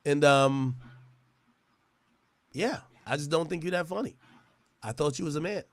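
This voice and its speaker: A man's voice: on the high side, measured pace, dry recording. A man delivering a profane, mocking roast rant, often stammering and restarting his words. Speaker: internet personality. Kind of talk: trash-talking roast rant.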